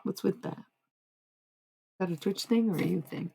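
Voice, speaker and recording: A woman's voice: low-pitched, wildly swooping pitch, normal speed, gravelly, husky, rough recording. A woman livestreamer in rambling casual chat, meandering and answering her chat as she goes. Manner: meandering, talks to chat, trails off.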